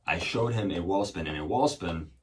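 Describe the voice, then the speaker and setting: A man's voice: low voice, normal speed, distant mic, slight background noise. A man telling a casual story as a podcast host, rambling and profane, with many fillers and restarts.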